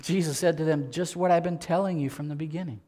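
A male pastor preaching a sermon with a fairly high voice. He repeats phrases for emphasis and keeps asking the listeners rhetorical questions. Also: fairly even intonation, quick pace, dark tone.

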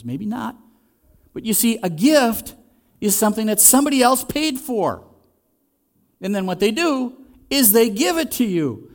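A man preaching a sermon in a conversational way, asking the congregation questions and swinging between loud and soft. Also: sits high. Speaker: pastor.

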